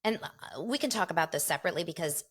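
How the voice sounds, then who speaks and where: A middle-aged woman hosting a casual gossip show, chatty and animated, talking straight to her viewers. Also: lowish voice, racing. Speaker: show host.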